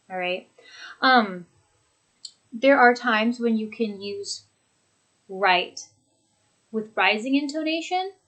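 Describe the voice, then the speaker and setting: Woman teaching english intonation from her home desk, slow and clear. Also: mid-range voice, fairly bright tone, rough recording. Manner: clear, deliberate, demonstrating intonation examples. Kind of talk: recorded lesson. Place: home office with a computer.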